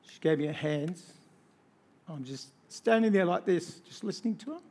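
A male pastor preaching a sermon to a congregation, shifting between soft storytelling and loud, rousing exhortation built on repeated lists. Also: high-pitched, animated, moderate pace. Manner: emphatic, repetitive lists.

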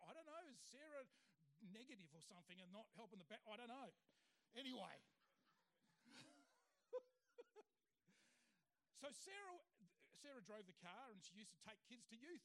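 A middle-aged man sharing a personal testimony with an audience, acting out the people he quotes as he tells the story. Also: extremely high pitch. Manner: animated storyteller who acts out the people he quotes.

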